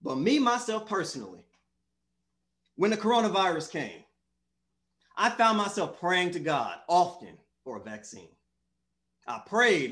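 Animated male preacher with a high voice. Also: a little slow, long pauses. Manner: animated, acts out voices of people in the stories. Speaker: preacher and teacher. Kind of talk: sermon with Bible study.

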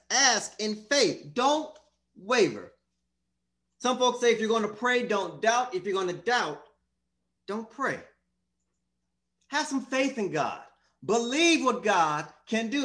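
Male preacher, high voice, very lively pitch, theatrical delivery. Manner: animated, acts out voices of people in the stories. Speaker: preacher and teacher. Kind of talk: sermon with Bible study.

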